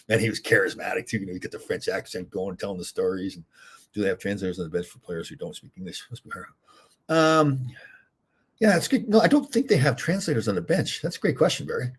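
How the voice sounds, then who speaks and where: An older man hosting a casual live chat, answering viewer questions in a relaxed, rambling way. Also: on the low side, husky. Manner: relaxed, rambling, thinking aloud.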